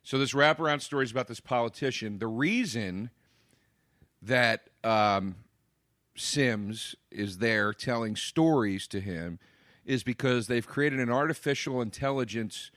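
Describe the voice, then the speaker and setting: A man co-hosting a movie podcast, trading opinions with sarcasm and frequent cursing. His voice sits at a middling pitch. The sound is dry and close, with no room around it. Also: measured pace, a bit bright, dry recording. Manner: blunt, profane, sarcastic. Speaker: podcast co-host reviewing movies. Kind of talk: casual chat.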